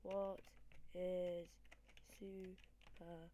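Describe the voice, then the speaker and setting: A woman giving rambling, excitable let's-play commentary, swinging between loud cheers and quiet mumbles into a desk microphone. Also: lowish voice, extremely slow, slight background noise. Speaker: gamer.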